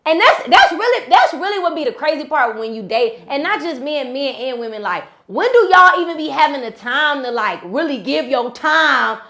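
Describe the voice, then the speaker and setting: A woman hosting a casual podcast, telling a story in an animated, slangy, emphatic way. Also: high voice, normal speed, hardly any pauses. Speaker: podcast host.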